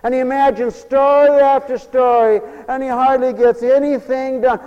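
A male preacher giving a fervent, repetitive sermon that swings between loud emphatic lines and low murmurs, recorded for radio in a church. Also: expressive, moderate pace, few pauses, smooth, highs cut off. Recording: long reverberant hall, radio broadcast tape.

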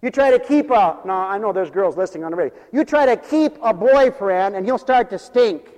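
A high-pitched man preaches a folksy, joking sermon, calling out for amens between lines. His voice rings through a large sanctuary with a long reverb tail. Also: expressive, a little fast, a little mellow. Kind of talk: humorous revival sermon.

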